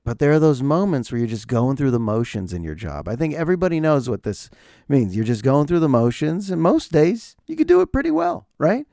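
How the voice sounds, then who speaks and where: A man's voice: on the high side, a little fast, creaky, no room sound, clean studio sound. A middle-aged man hosting a podcast, rambling through a comedic solo monologue and acting out the voices of people he describes. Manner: rambling, animated, acts out quoted voices. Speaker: podcast host.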